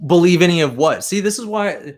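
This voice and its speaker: A man co-hosting a casual comedic chat, trading dry, quick wisecracks. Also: high-pitched, animated. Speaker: podcast co-host.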